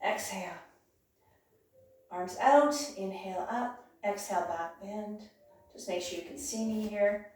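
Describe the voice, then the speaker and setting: Woman, yoga instructor, calm encouraging cues, occasional hoarseness, big echoing room, distant mic. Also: mid-range voice, unhurried, long pauses. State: clearing her throat, losing her voice. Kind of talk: guided yoga class instruction. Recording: very echoey room, voice from far off.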